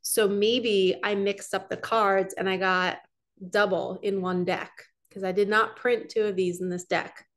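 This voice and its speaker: A woman's voice: mid-range voice, little pitch movement, measured pace, fairly bright tone. A woman giving a casual oracle card reading, talking earnestly and rambling a little as she speaks straight to her viewers. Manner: earnest, chatty and rambling, addressing viewers directly. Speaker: spiritual coach doing card readings.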